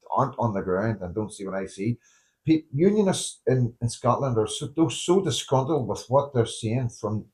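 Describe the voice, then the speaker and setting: A fairly low-voiced man, chatting casually as an interviewer. He sounds earnest and opinionated, stumbling over repeated words as he builds his point. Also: a little mellow. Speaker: host interviewing people in the street.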